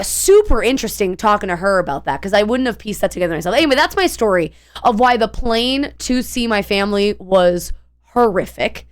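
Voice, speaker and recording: A woman's voice: medium pitch, clean tone. A young woman streamer telling a long story in a casual, rambling way, full of fillers and restarts.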